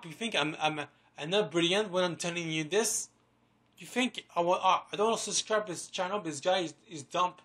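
Bright-voiced rambling man, boastful vlogger. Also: high-pitched. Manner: rambling, repeats words, swears a lot, boastful. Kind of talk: rambling casual vlog.

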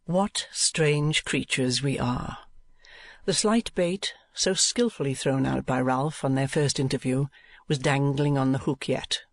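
A man narrating an audiobook in a measured, even reading. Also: medium pitch, dry recording. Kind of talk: scripted narration.

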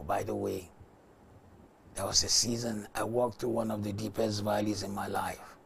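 A male pastor leading a fervent morning prayer sermon, declaring loudly, dropping to whispers and speaking in tongues. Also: medium pitch, gravelly, husky.

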